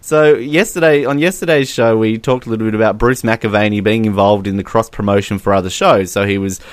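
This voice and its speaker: A man's voice: on the low side, steady tone, a little fast, dry recording. A man in his late twenties co-hosting a podcast, telling stories in a jokey way and laughing often. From Australia. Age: late 20s. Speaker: podcast co-host. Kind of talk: casual chat.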